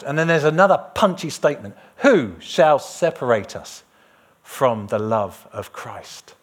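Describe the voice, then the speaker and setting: A man preaching a lively, jokey sermon and sometimes singing a line. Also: fairly high pitch. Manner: lively, jokey, breaks into song.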